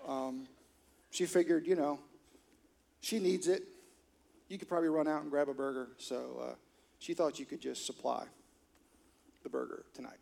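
A man's voice: fairly high pitch, normal speed, vocal fry, long pauses, a little mellow. A middle-aged man preaching as a pastor, telling a story and joking with the congregation. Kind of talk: sermon with storytelling. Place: church auditorium.

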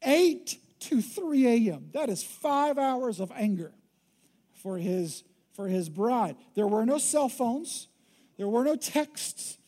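A preacher giving a sermon in a joking, conversational, animated way. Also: medium pitch, takes it slowly.

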